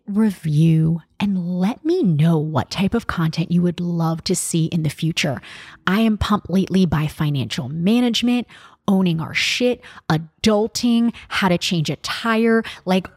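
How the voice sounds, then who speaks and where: Unhurried and candid, a young woman podcast host chats casually, swears, and leans on plenty of fillers. Her fairly low voice has a darkish tone and a breathy edge, recorded dry at studio quality.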